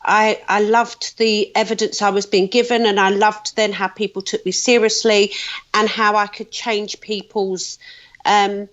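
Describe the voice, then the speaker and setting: A woman's voice: medium pitch, flat delivery, a little slow, fairly bright tone. A British woman in her thirties or older, a psychic guest telling stories in a casual podcast interview, chatty with frequent fillers. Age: 30s or older. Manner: chatty storyteller, laughs often, many fillers. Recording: slightly dull lo-fi audio.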